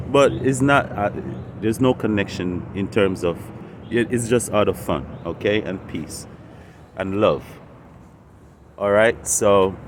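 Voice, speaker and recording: A man's voice: on the low side, a little hiss or hum. A man hosting a spiritual channel, talking unscripted and meandering, often repeating and restarting phrases. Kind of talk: unscripted casual monologue.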